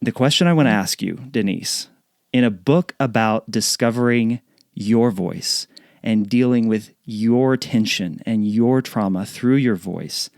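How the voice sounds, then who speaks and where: A man's voice: lowish voice, a little slow, darkish tone, no echo, clean studio sound. A man hosting a podcast interview, speaking in an earnest, careful way with hesitant restarts. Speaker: podcast host. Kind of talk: interview, reading a book passage.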